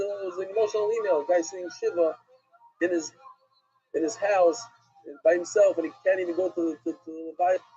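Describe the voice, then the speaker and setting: A man, a rabbi, giving an animated Talmud class lecture, asking and answering questions with emphasis. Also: high voice, husky. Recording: dull lo-fi recording with faint music.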